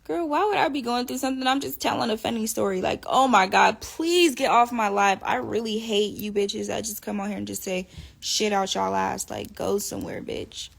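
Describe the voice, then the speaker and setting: A woman casually telling a profane, animated story to her viewers, laughing often. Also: medium pitch, moderate pace, vocal fry. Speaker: live streamer talking to viewers.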